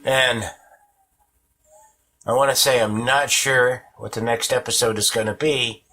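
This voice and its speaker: A sick, out-of-breath man hosting a casual solo podcast from home, wheezing and pausing every few sentences to catch his breath. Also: medium pitch, fairly even intonation, sharp tone. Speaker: podcast host. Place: at home with a cat on him.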